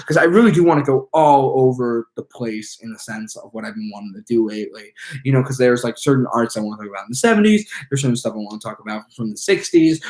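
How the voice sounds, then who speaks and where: A man's voice: mid-range voice, darkish tone. A man hosting his own live stream, chatting casually and rambling, with many fillers and restarts. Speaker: channel host.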